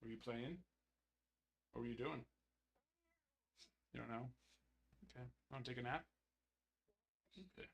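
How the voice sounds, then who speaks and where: A man hosts a casual live stream from home, drawling along at an easy, unhurried pace. His talk is chatty and playful, and it turns soft and cooing whenever he comforts a child nearby. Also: medium pitch, fairly even intonation, vocal fry. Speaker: card break host.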